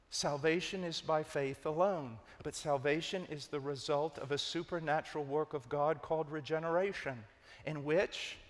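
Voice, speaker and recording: A man preaching a sermon, emphatic, rising to urgent loud peaks and dropping to low hushed stress. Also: in a large hall.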